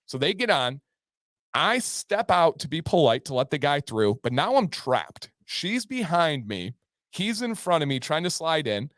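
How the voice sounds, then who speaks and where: A lively man telling a long story on a livestream, his voice swinging up and down as he acts out everyone in it. His voice sits a touch higher than most men's, and the sound is close and dry. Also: a little slow, dry recording. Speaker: podcast co-host. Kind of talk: casual storytelling.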